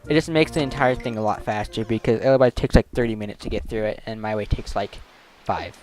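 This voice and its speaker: A man's voice: fairly low pitch, fast, darkish tone. A man giving casual gameplay commentary, rambling with many fillers as he plays. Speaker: let's play gamer. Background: game music.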